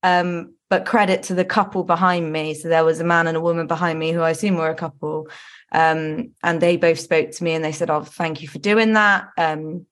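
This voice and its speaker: A woman's voice: low voice, level tone, brisk. A woman co-hosting a football podcast, talking candidly and earnestly with lots of ums and restarts. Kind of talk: casual podcast chat.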